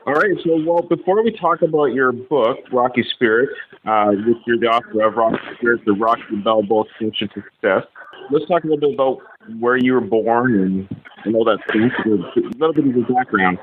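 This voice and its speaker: Fast-talking male interviewer on a tinny phone line. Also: mid-range voice, background noise. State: out of breath. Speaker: podcast host and interviewer.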